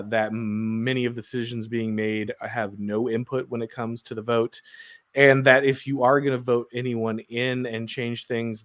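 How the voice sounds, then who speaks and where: A man's voice: mid-range voice, a bit bright. A man from the United States hosting a podcast, talking through his views in a casual, rambling way, often restarting and tagging his points with "right?". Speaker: podcast host. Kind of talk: casual political discussion.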